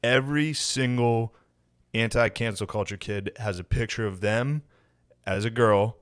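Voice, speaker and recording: A man's voice: on the low side, a little slow, smooth, dry recording, clean studio sound. A man in his thirties co-hosting a comedy podcast in casual chat, rambling and sarcastic. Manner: rambling, sarcastic, slips into mocking voices. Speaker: podcast co-host.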